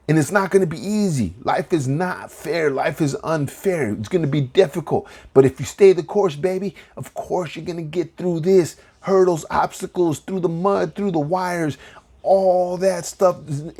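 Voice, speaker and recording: A man's voice: on the high side, mellow, breathy edge. A man in his thirties hosting a solo podcast, talking earnestly from the heart and often repeating words as he starts a sentence, getting emotional. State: emotional, near tears. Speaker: podcast host.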